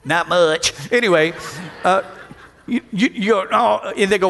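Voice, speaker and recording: A middle-aged man preaching a sermon, calling out to the congregation for responses and acting out voices with sudden shouts. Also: a little fast. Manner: acts out quoted voices with big pitch jumps and shouts. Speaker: pastor. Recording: long hall reverb.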